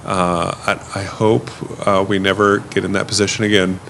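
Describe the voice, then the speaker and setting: A man's voice: low-pitched, little pitch movement, normal speed, gravelly, a loud crowd. A man who works as a rideshare driver telling stories in a casual chat, mimicking his passengers. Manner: easygoing storyteller, mimics passengers. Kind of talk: casual storytelling on a podcast.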